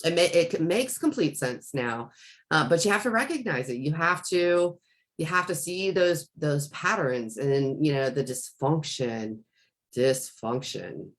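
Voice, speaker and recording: A woman's voice: low-pitched, expressive, unhurried. A woman co-hosting a casual talk show, rambling as she retells a talk with her son. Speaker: podcast co-host. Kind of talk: casual conversation.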